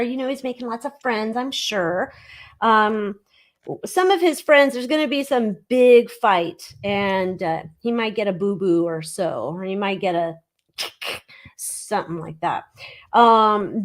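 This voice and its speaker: A woman from California co-hosting a tarot show, chatty and teasing in casual talk. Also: on the high side. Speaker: tarot reader co-host. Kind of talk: casual chat.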